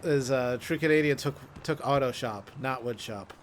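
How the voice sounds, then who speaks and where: A young man chatting casually on a gaming stream, swearing and laughing often, telling stories and breaking into loud impressions. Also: mid-range voice, normal speed, a little hiss or hum. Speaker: streamer co-host.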